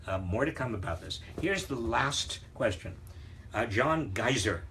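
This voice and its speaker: An older man hosting a live Q&A show, talking in a halting, conversational way with many fillers and some wry, teasing humor. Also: mid-range voice, lively intonation, pushed and bright, a little hiss or hum. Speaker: host answering viewer questions.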